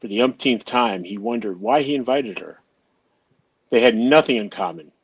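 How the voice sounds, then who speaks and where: A man narrating an amateur audio drama in a steady reading voice, now and then stumbling and restarting a phrase. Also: mid-range voice, normal speed, slightly rough, no room sound, highs cut off.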